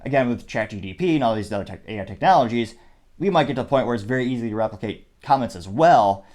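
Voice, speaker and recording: A man hosts a political commentary show with a mixed Midwest and Southern American accent. He explains things in a measured, even way and drifts into frequent asides. His voice sits at a middle pitch for a man. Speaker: show host. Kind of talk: political commentary, reading quotes aloud.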